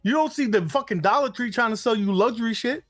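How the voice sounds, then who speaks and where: A man co-hosting a casual gaming podcast, joking and swearing through animated banter. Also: extremely high pitch, quick pace, no room sound, studio quality. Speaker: podcast co-host.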